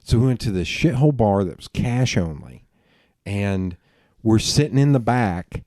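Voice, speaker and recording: Low mellow Southern man. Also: normal speed, no room sound, studio quality. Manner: rambling, animated anecdotes. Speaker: podcast host. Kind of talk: casual storytelling conversation.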